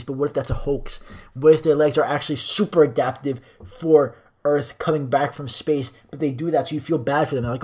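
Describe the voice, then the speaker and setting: A man's voice: on the high side, fairly even intonation, fast, a little mellow. Profane young man ranting on a podcast. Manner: crude, profane, rambling comic ranting. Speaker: podcast host. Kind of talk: solo podcast rant. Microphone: cheap microphone.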